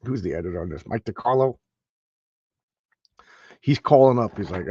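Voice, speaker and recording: A man's voice: on the low side, expressive, normal speed, pauses often, warm tone, breathy edge, dull audio. A man hosting a casual live stream, rambling and stammering as he repeats words. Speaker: host.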